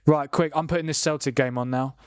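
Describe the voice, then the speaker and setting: A young man chatting casually on a live football watchalong stream, reacting to the chat, excitable and swearing mildly. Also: fairly high pitch, fast, clean tone, no echo, clean studio sound. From England. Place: home room with windows, rain outside.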